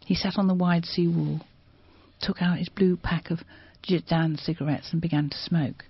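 A woman reads a memoir with measured, expressive delivery. Her voice is husky and slightly low. The sound is close, dry and muffled. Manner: measured, expressive, rising to shouting at climaxes. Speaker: reader of a translated memoir. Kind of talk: dramatic book reading.

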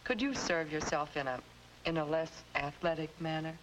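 A woman playing a proper mother in an old educational film, gently correcting her son. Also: low voice, moderate pace, close to an everyday voice. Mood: gentle. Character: proper middle-aged mother. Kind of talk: 1950s educational film acting. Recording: noisy old film soundtrack.

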